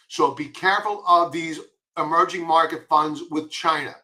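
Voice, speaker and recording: Bright, blunt Long Island man. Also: on the high side, moderate pace. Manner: blunt, emphatic, repeats warnings. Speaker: market commentator. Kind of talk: stock chart commentary.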